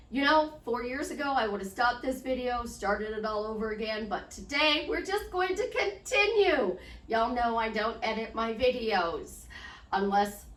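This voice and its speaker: A woman's voice: fairly high pitch, a bit bright. A woman life coach chatting in an unedited, upbeat vlog, promoting herself and talking straight to her viewers. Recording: echoey room, distant mic.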